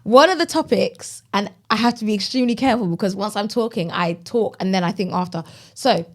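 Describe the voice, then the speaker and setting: A talkative woman co-hosting a casual podcast. She tells stories with plenty of drama and teases her partner. Her voice sits at an ordinary pitch for a woman. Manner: chatty, dramatic, quick to tease. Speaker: podcast co-host.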